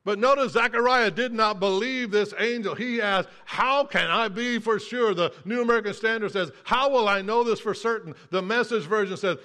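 A male pastor preaching a sermon earnestly, with repeated phrases and restarts, dropping quiet when he tells scripture. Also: high voice, normal speed, few pauses.

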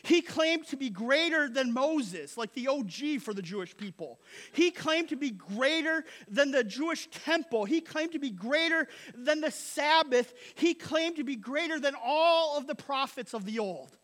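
Male pastor, sermon; unusually high-pitched, punchy and repetitive, slangy asides. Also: lively intonation, measured pace, a bit bright. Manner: emphatic, repeats phrases, tags lines with "right?".

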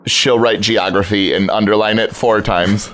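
This player's voice sits on the low side, steady and fairly bright, at a normal speed. He's in a tabletop game, casually describing his mute character's actions in the third person.

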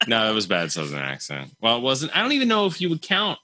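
A man's voice: medium pitch, huge pitch swings, fast talker, pushed and bright, no room sound. A man co-hosting a casual podcast chat, blunt, opinionated and jokey. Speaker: podcast co-host.

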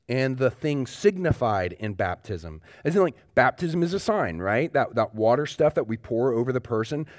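A man's voice: mid-range voice, darkish tone, no echo. A male pastor delivers a sermon in an easy, conversational way, hammering points through repetition and peppering his talk with fillers and restarts. His voice sits in a middle register and sounds dry and close, with little room sound around it. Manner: conversational preaching with emphatic repetition; loose, frequent "like" fillers and restarts. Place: church sanctuary.

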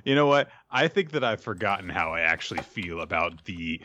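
Male podcast co-host, low and bright, dry close sound, rambling chat. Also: animated, fairly quick, no room sound. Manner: rambling, laughs often, fillers.

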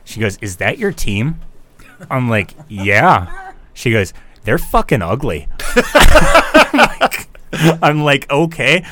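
A man's voice: medium pitch, big pitch swings, slow, heavy background noise. A man casually telling a rambling story on a talk show, full of fillers and restarts.

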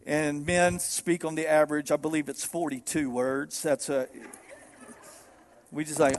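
A man's voice: a little high, level tone, unhurried. A male pastor, preaching in a joking, playful way. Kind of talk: sermon. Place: church.

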